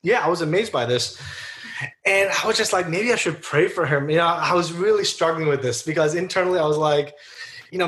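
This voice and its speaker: A man's voice: a little high, brisk, fairly bright tone. A man guest in an interview, earnestly telling personal stories in a chatty way, with many fillers and restarts. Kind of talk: casual storytelling interview.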